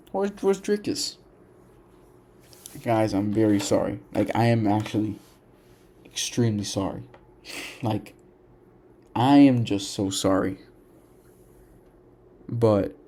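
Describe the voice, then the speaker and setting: A young man talking casually about fighters, animated and repetitive, often restarting his sentences and saying "bro" and "dude". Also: mid-range voice. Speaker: MMA commentator. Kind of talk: casual opinion monologue.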